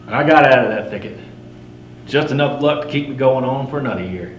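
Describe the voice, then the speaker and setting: A grizzled mountain man, played by a middle-aged man, spins a campfire tall tale in a folksy drawl and rough frontier grammar. He swaggers and stays wry, with a voice in the middle range for a man. The room is roomy, with a faint hum underneath. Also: mid-range voice, a little fast, close to an everyday voice. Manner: swaggering, wry, chuckling at his own yarns. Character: boastful frontier mountain man, grizzled fur trapper telling tall tales. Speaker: living history storyteller.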